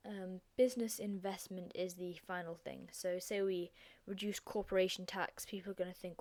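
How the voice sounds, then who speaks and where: A young woman with a croaky, hoarse voice, hosting a chatty, self-deprecating revision lesson. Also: on the low side, steady tone, normal speed, hardly any pauses, darkish tone. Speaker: revision video host.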